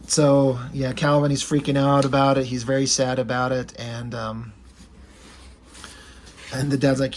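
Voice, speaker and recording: A man's voice: mid-range voice, flat delivery, measured pace, long pauses, slight background noise. A man casually retelling comic strips in loose, rambling talk that slips into offhand swearing. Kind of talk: casual storytelling.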